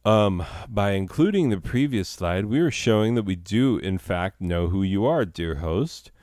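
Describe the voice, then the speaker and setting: A man's voice: fairly low pitch, animated, a little slow, a little mellow, no room sound, studio quality. A man hosting a comedy show, rambling through improvised, self-mocking banter full of fillers.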